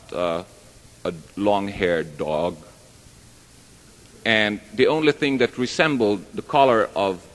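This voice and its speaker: A stage performer with a lowish, slightly bright voice tells stand-up jokes at a live show in a large hall with an audience. He's chatty and rambling and pokes fun at himself, and the recording carries long hall reverb.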